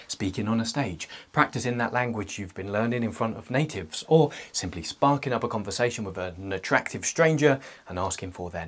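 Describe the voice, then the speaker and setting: A young man with a fairly low, husky voice talks to his viewers. He delivers a scripted self-help monologue and breaks it up with playful, joking asides.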